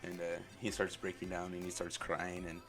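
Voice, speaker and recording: A man hosting a podcast, telling his own story in an earnest, halting way, full of "like" and "um". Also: low-pitched, completely flat delivery, fairly bright tone, soft background music. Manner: earnest, openly emotional. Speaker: podcast host. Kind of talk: personal storytelling.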